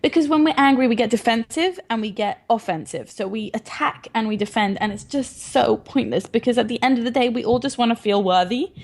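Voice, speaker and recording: A woman's voice: fairly high pitch, brisk, few pauses, a little mellow. A woman in her thirties, a parenting advocate, talking earnestly and reflectively in a casual interview. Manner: earnest, reflective, laughs often.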